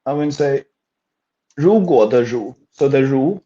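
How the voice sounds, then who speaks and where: A man's voice: medium pitch, lively intonation, measured pace, warm tone. A man teaching a language lesson, patiently explaining step by step and switching between languages. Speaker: Chinese teacher. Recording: dull lo-fi recording.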